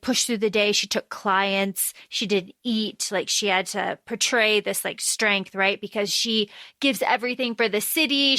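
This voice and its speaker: A woman's voice: fairly high pitch, bright, forceful tone, no room sound, studio quality. A woman co-hosting a podcast, frankly and profanely recapping a book's plot in casual chat. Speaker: podcast co-host. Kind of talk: casual book-discussion chat.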